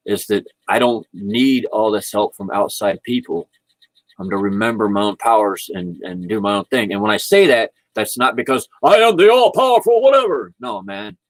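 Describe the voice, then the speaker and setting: Indoors at home, a male vlogger with a voice on the low side rambles through a casual livestream about spirituality, laughing throughout as he speaks into his computer. The sound is dry and low in quality.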